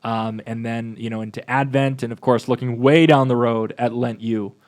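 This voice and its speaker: A man's voice: medium pitch, fairly even intonation, normal speed. Guy from a church podcast, just chatting, lots of ums and restarts, normal mid voice. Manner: chatty, rambling with restarts and fillers. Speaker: parish podcast co-host. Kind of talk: casual chat.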